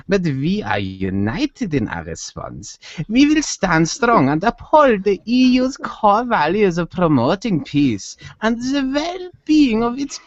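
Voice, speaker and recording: A man's voice: high voice, dry recording, pitched above the performer's own voice, heavily acted. A man putting on a German accent to voice a stiff male official reading a formal statement in a mock-solemn way. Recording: dull dry sound.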